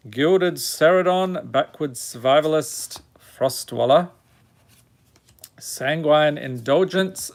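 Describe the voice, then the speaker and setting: A man hosting a live stream, reading out card names one at a time and joking with his viewers in casual chat. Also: a little high. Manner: reads item names one by one, jokes with viewers.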